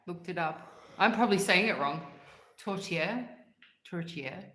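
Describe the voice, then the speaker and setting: A woman chats casually on a livestream, answering comments from viewers. Her voice sits fairly low and she talks slowly and unhurriedly, rambling and laughing often. The room around her sounds echoey. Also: expressive, bright, forceful tone. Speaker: livestream host.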